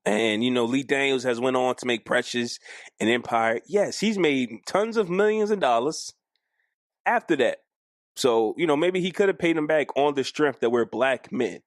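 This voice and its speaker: A man co-hosting a podcast in casual chat, animated and arguing his point, acting out quoted lines. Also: medium pitch, normal speed, no room sound, studio quality. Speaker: podcast co-host.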